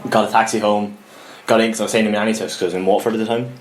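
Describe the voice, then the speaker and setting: A young Irish man co-hosting a podcast, telling a story in an animated, laughing way and swearing often. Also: lowish voice, racing, slight background noise. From Ireland. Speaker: podcast co-host. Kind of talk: casual chat, storytelling. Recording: echoey room.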